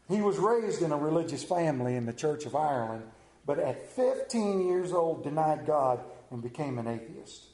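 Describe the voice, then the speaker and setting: A man's voice: on the high side, a little mellow. A man preaching a sermon and leading a prayer, earnest, with self-deprecating asides. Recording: roomy echo.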